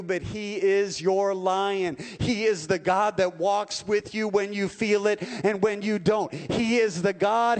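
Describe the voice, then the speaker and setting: Earnest male pastor, ringing church reverb. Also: high-pitched. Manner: earnest, building to a passionate appeal. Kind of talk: sermon with storybook reading. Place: church sanctuary. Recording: long reverb of a church hall.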